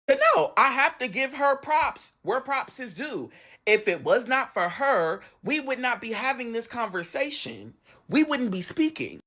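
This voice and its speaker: A man telling a personal story in casual storytime style, animated and profane with wry asides. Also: very high voice, measured pace. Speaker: guest telling his story.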